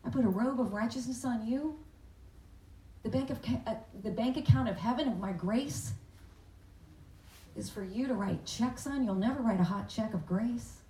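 A woman giving sermon-style Bible teaching, animated and questioning her listeners, acting out the words of the father in the story. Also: on the high side, moderate pace. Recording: echoey room, voice from a distance.

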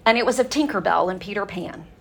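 A woman speaking to a women's gathering in an earnest, conversational sermon style, telling stories with fillers and pauses. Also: mid-range voice, gravelly, husky.

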